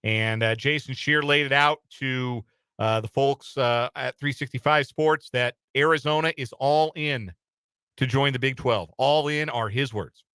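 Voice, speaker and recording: A male sports radio host with a bright, forceful voice that sounds smooth and resonant. He talks in a loose, chatty way, stumbling over a few repeats and uh fillers. He is recorded dry and close on a studio microphone. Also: medium pitch, unhurried, no echo.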